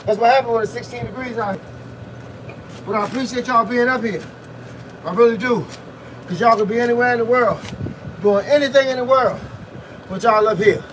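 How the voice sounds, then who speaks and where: A man, a boxing fitness coach, live-streaming a workout outdoors in freezing wind, giving loud, punchy motivational talk while punching a heavy bag. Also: very high voice, fairly quick, pauses often. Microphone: phone camera set at a distance. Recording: distant phone mic with wind noise.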